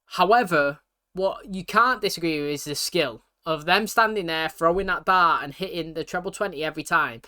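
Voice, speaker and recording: A British man talking fast and casually, full of slang and fillers, reacting to a TV episode for his channel. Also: on the high side, sharp tone, clear, resonant tone.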